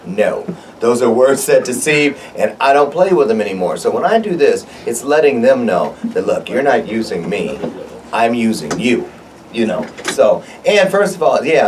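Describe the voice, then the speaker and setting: Male guest, a speaking coach, lower voice, playful and joking, distant mic. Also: a little mellow, slight background noise. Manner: playful and joking, with emphatic shifts in pitch. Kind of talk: interview conversation. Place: radio studio.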